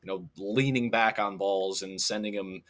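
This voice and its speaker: A young man co-hosting a casual sports podcast, relaxed and quick to laugh, picking up viewers' chat comments. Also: on the low side. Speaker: podcast co-host.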